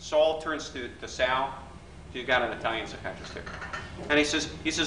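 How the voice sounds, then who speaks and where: Bright-voiced man lecturing a workshop. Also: medium pitch, moderate pace, recorded from a distance. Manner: conversational, keeps asking the audience for agreement. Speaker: workshop leader. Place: hotel function room. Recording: echoey room recording from afar, faint hiss.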